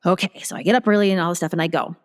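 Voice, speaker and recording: A woman's voice: on the low side, rapid-fire, long reverb tail. A woman guest on a casual interview, telling her story animatedly and acting out her own thoughts. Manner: animated, acts out her own inner dialogue. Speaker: guest business strategist.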